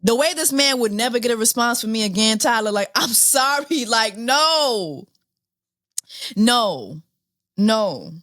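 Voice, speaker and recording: A woman's voice: fairly high pitch, lively intonation, a little slow, fairly bright tone, no echo, studio quality. A woman in her thirties hosting a podcast, speaking with exasperated disbelief, repeating herself and laughing often. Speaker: podcast host. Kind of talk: casual commentary.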